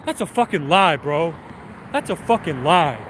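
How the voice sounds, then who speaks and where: A man's voice: a little high, animated, normal speed, slight background noise, lightly acted. Man quoting a pushy street hustler. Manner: slangy, pushy. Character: pushy male street hustler, young adult, persistent.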